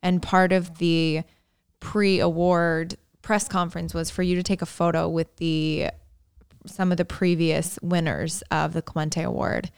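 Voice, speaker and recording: A woman in her thirties co-hosting a podcast, telling stories in a chatty, animated way. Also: lowish voice, unhurried, clean tone, dry recording, studio quality. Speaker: podcast co-host. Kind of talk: casual chat.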